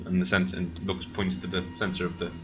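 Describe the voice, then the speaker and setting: A man narrating as game master of a tabletop role-play, rambling and halting with many fillers. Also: sits low, completely flat delivery, dull audio, background noise.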